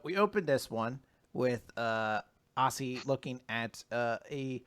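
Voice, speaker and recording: Lively, bright-voiced man chatting casually. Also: mid-range voice. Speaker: podcast co-host. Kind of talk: casual recap chat.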